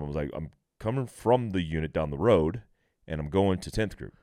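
A middle-aged man, a military veteran guest, telling profane, animated stories in a casual podcast conversation. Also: sits low, a little fast, dry recording.

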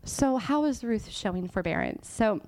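Woman preacher, casual sermon: mid pitch, chatty, quick laughs, whispered asides, dry close sound. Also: animated, a little mellow, no room sound. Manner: chatty and informal, laughs often, drops to a whisper for emphasis. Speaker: guest church teacher. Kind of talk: conversational sermon.

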